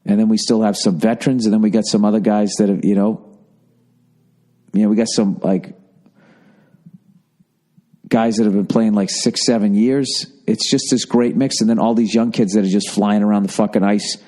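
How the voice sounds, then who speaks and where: Man, podcast host, low mellow voice, casual profane rambling. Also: moderate pace, long pauses. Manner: profane, self-mocking, animated.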